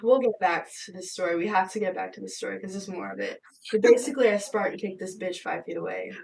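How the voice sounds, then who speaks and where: A woman co-hosting a podcast, telling a story in a blunt, profane, animated way. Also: medium pitch, fast, gravelly, slightly rough. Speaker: podcast co-host. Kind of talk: casual storytelling chat.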